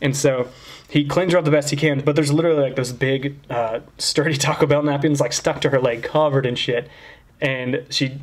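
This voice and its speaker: A young man casually telling a profane, animated story on a podcast and acting out quoted voices. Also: mid-range voice, normal speed. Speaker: podcast co-host.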